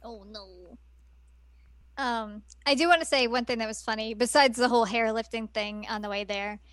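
A woman's voice: fairly high pitch, steady tone, fairly quick, a bit bright, smooth. A woman co-hosting a casual podcast, chiming in with amused comments on an anime. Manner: chatty, amused, chimes in with short reactions. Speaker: podcast co-host. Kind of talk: casual anime recap chat.

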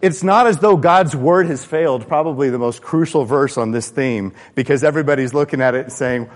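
A man preaching a sermon in a church, animated and acting out the voices of the people he quotes. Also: a little high, fairly quick, few pauses. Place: church sanctuary. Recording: long church-hall reverb.

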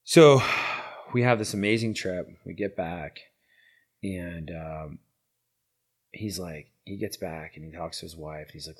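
A middle-aged man, a guest on an interview show, telling a long story in casual, rambling talk full of fillers, swinging from lively and loud to hushed and quiet. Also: sits low, measured pace. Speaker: interview guest, founder of a veterans' horse program.

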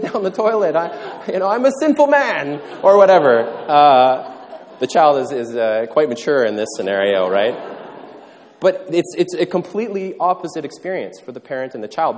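A man's voice: on the high side, darkish tone. A man preaching a sermon, telling a story conversationally and acting out the quotes. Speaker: pastor. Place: church hall. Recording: reverberant hall.

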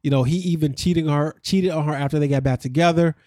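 A man's voice: fairly high pitch, fairly even intonation, quick pace, mellow, no echo, clean studio sound. A man hosting a podcast, recapping a reality show in casual chat and acting out what people said.

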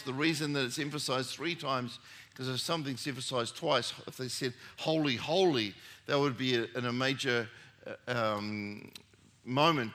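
Middle-aged male pastor, bright forceful tone, chatty storytelling sermon with emphatic bursts. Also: mid-range voice. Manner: conversational storytelling with rising emphatic peaks.

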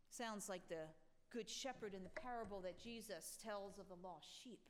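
A woman pastor preaching a sermon with earnest delivery that rises and falls. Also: on the high side. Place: church sanctuary. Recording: long reverb of a church hall.

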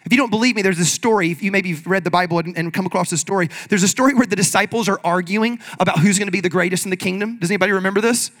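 A man preaching a sermon in an energetic, conversational way, leading the congregation in call-and-response. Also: high voice, very fast, hardly any pauses. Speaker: pastor.

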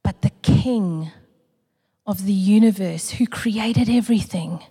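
Woman giving an emotional church testimony, warm mellow voice, goes quiet and hushed at times. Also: mid-range voice, slow pace, slightly rough. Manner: earnest, emotional, builds through repetition, drops to a hush. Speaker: church community speaker. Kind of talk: personal testimony sermon. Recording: long reverb of a large hall.

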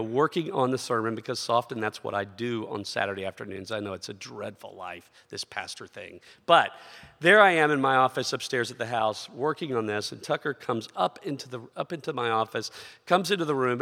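A middle-aged pastor preaches a sermon, telling a personal story conversationally and posing rhetorical questions. His medium-pitched voice is creaky with a sharp tone, and the long reverb of a large hall surrounds it.

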